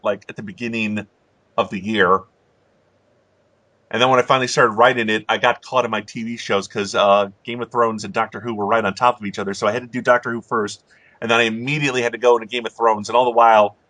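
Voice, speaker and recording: Bright-voiced man hosting a casual commentary. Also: fairly low pitch, dry recording. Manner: rambling, self-deprecating, chuckles often. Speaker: host.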